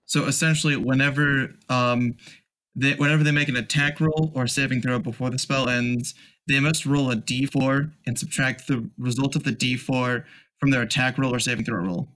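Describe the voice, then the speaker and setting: Male player, bright clear tone, casual rule explanations. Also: medium pitch, fairly even intonation, moderate pace. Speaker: tabletop game player.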